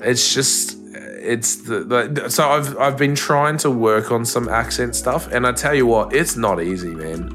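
A man's voice: medium pitch, unhurried, a bit bright, soft background music. A young Australian man co-hosting a podcast in casual chat, joking around and swearing freely into a home mic. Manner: playful, jokey, swearing freely. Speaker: podcast co-host. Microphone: home podcast mic over a call.

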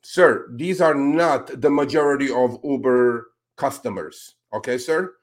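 A man hosting a talk show, speaking in casual, animated commentary that turns indignant as he calls out politicians with a pointed "sir". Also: mid-range voice, measured pace. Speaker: podcast host.

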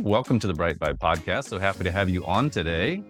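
Deep-voiced jovial man in his fifties. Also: animated, a little fast, few pauses, fairly bright tone, faint music behind. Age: 50s. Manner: jovial, laughs often, rambling restarts. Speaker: podcast host. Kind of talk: conversational interview.

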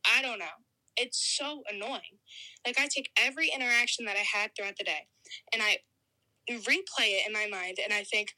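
A woman's voice: medium pitch, normal speed, bright, forceful tone. A young woman caller leaving an anxious, rambling voicemail, recorded on a phone from a distance. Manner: anxious, rambling, self-critical. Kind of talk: voicemail message.

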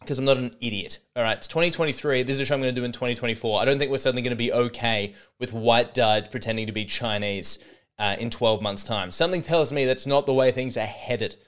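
A man's voice: medium pitch, fast, a bit bright, clear, resonant tone. An Australian man hosting a comedy podcast, talking in a rambling, sarcastic, self-mocking monologue.

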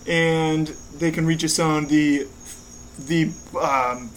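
A man's voice: on the high side, steady tone, a little hiss or hum, rough recording. A man co-hosting a podcast in casual chat, swearing freely, laughing often and stumbling over fillers. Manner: profane, laughing, halting with fillers. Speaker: podcast co-host.

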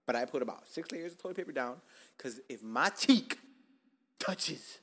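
A young man, hosting a casual podcast and telling a profane, animated story, acting out his own lines with whispers and yelps. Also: mid-range voice, brisk. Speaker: podcast host.

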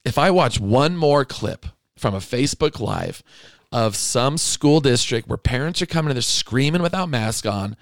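A middle-aged man speaks straight into the mic in an impassioned podcast monologue, indignant and pleading by turns. His voice sits at an ordinary male pitch. The sound is dry, with no room around it. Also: expressive, moderate pace, no room sound. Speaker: podcast host.

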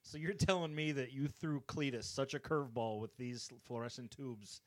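A man's voice: medium pitch, dry recording. A man co-hosting a podcast who cuts in with wisecracks in casual banter. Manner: quick wisecracking interjections. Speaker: podcast co-host.

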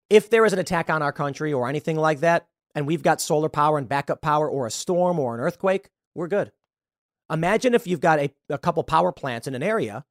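A man's voice: on the high side, dry recording, studio quality. A man hosting a political commentary show, talking in a blunt, emphatic, conversational way. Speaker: show host.

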